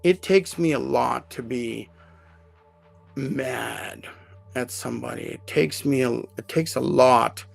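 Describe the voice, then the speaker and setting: A man hosts a live podcast and tells a personal story in a casual, heartfelt way. His mid-pitched voice is heavily gravelly and full of fry. His delivery is animated and emotional, with plenty of "um"s, and faint music plays behind him. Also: takes it slowly. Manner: emotional, animated retelling with many fillers. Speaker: podcast host.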